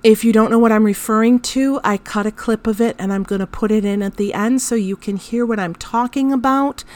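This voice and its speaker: Her voice is a touch high and fairly quick as she narrates a story about her son on her podcast. She's in her thirties, wry and self-mocking, growing animated when exasperated.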